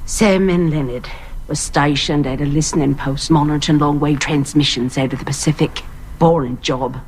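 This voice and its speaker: A woman's voice: low-pitched, steady tone, normal speed, darkish tone, slight background noise, lightly acted. An actress playing an earnest woman telling a strange story in a put-on Australian accent. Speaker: actress in a TV drama clip. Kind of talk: TV drama acting.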